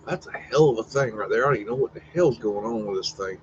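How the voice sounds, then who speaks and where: Guy rambling on his stream, cussing and wondering out loud, kinda muffled lo-fi sound. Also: fairly low pitch, animated, fast, a little hiss or hum. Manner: rambling, profane, wondering aloud, teasing his dog. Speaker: live stream host. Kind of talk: casual live-stream commentary on old photos.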